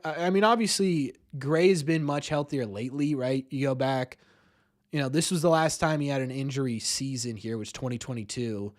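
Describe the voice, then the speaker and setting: A man hosting a live-streamed sports talk show, rambling, repeating words and ending many lines with "right?". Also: on the high side. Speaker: podcast host.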